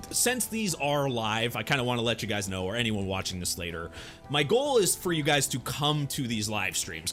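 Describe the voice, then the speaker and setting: Animated young man chatting on stream. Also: medium pitch. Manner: reads comic dialogue aloud, then chats loosely with viewers. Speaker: streamer reading a webcomic aloud. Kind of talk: casual live-stream read-through.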